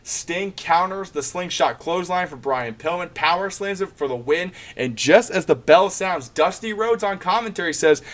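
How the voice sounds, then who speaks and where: A man's voice: high-pitched, normal speed, few pauses. Chatty man recapping with a laugh. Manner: animated storytelling, acts out quotes, laughs often. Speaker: podcast co-host. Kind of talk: casual chat recapping wrestling.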